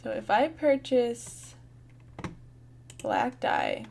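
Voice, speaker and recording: A woman in her twenties chats her way through a farming game, bubbly and thinking out loud to her viewers. Her voice sits a little high and she talks at an easy, unhurried pace. Faint keyboard tapping ticks along behind her. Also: wildly swooping pitch, creaky, a little hiss or hum. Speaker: gaming channel host. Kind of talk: casual gameplay commentary.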